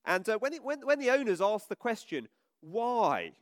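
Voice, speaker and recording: Male preacher, all-age sermon, high bouncy voice, dry close sound. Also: moderate pace, no echo. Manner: animated, addressing children with questions. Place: church.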